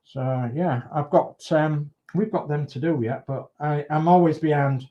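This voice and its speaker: Chatty man with a slightly high voice. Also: measured pace. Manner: chatty and friendly, greets each viewer by name; rambling, many restarts and fillers. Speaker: livestream host of a model-building channel. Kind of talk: casual livestream chat. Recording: dull lo-fi stream audio.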